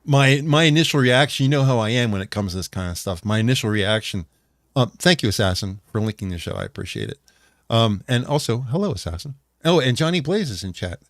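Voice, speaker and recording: A man with a somewhat low voice talks casually as a show co-host. He rambles and jokes. His voice sounds dry and close, with no room around it. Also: expressive, fast, no echo. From United States. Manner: rambling, jokey, greets chat viewers. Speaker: podcast co-host. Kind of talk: casual chat.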